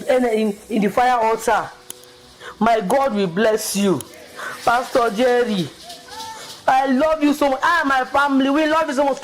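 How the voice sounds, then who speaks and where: A woman with a Nigerian accent giving a fervent church testimony, breaking into high exclamations. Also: low-quality recording. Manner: fervent, exclamatory, with sudden high emotional cries. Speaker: testimony giver.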